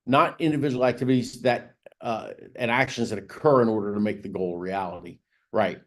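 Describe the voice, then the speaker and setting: Speaking fairly quickly in a lowish voice, a man trains real estate agents on business planning. His delivery is conversational and he keeps repeating "right?" and "again." He raises his emphasis to drive key points home.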